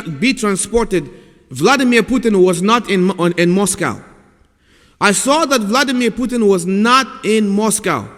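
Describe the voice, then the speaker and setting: A man recounting a prophetic vision in a halting, repetitive, earnest way. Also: sits high, a bit bright, big-room sound. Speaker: self-styled prophet.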